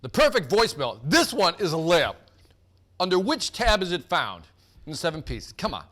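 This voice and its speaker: Brief: upbeat male quiz host, high bright tone, teases players by name. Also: sing-song, normal speed. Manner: hyped, joking, calls out players by name. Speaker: host of a sales team quiz. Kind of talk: energetic live quiz hosting.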